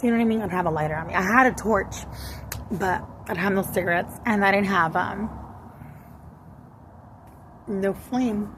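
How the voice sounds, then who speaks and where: A woman's voice: mid-range voice, normal speed, pauses often, background noise. A woman telling a rambling, profane story to her viewers in a casual vlog. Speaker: vlogger.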